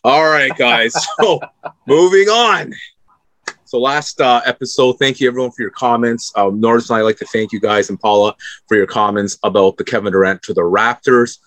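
A man co-hosting a casual sports podcast, giving jokey and animated opinions. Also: mid-range voice, moderate pace, dry recording. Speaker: podcast co-host.

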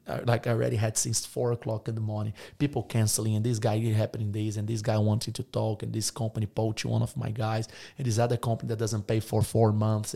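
A man's voice: lowish voice, vocal fry, warm tone. A man guest on a casual podcast, effusive and encouraging, rattling off lists in slightly non-native English phrasing. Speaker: podcast guest, business owner.

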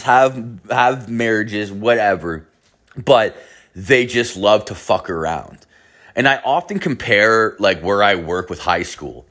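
Young man, crude rambling storyteller, swears constantly, lowish voice. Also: fairly bright tone. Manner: profane, rambling, heavy filler "like".

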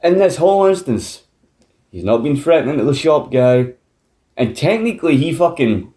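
A Scottish man co-hosting a film review podcast, retelling scenes in an animated, sweary way. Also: a little high, moderate pace. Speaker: podcast co-host. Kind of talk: casual film review chat. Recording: roomy echo.

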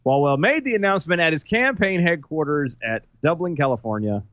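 A man co-hosting a casual political chat, rambling and ranting as he searches for his words. His pitch swings widely. The recording is dull, lo-fi and dry. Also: lively intonation, fairly quick, fairly bright tone, no room sound. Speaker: co-host.

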